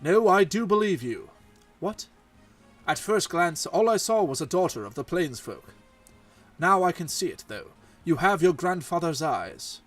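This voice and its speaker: A man's voice: fairly high pitch, big pitch swings, unhurried, fairly bright tone, faint music behind, full character voice. A man voicing a polite, earnest young noble lord in a mock British accent, reading game dialogue.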